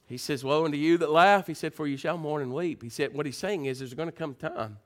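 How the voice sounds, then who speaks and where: A man preaching a sermon, telling homey stories and slipping into soft, low, prayerful tones. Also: quick pace. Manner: folksy storytelling, swings loud and high into playful mimicry. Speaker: pastor.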